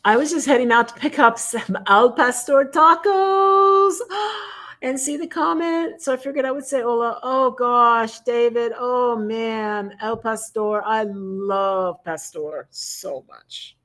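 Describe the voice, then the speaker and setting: An American woman co-hosting a casual livestream, chatty and quick to laugh, her voice rising in animated stretches. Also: fairly high pitch. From United States. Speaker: co-host of a livestream.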